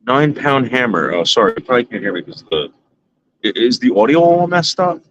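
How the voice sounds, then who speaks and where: A man's voice: mid-range voice, big pitch swings, fairly quick, lo-fi sound, noisy background. A man vlogging to his viewers from his backyard at night, rambling, boastful and crude in casual chat. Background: fan running.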